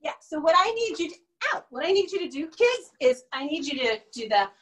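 High-voiced woman leading a kids' sing-along. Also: big pitch swings, a little fast, noisy background. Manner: sings and chants songs, bright and coaxing with kids. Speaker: children's music teacher. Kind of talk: children's music and movement class.

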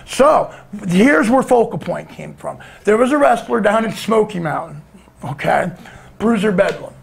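Gravelly, animated storyteller man. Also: sits high, measured pace. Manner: rambling, animated, profane, breaks into shouts. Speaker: guest storyteller. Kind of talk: casual storytelling.

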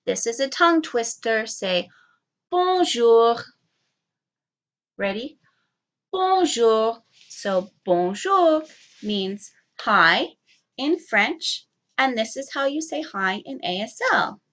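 Woman teacher, children's lesson, very slow, enunciated, repeat-after-me prompts, bright tone, fairly high voice. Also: animated.

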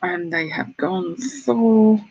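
A man's voice: high-pitched, extremely slow, darkish tone. A British man chatting casually as an online reseller, showing his sales and greeting viewers in a self-deprecating way. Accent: British English. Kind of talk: casual vlog chat. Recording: slightly dull lo-fi sound with faint noise.

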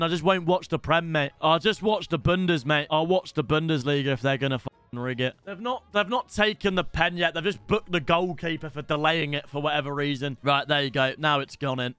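A young British man streaming a football game, chatting with viewers and swearing in loud outbursts. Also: a little high, brisk, few pauses, smooth, no room sound. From Britain. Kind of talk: casual game stream chat.

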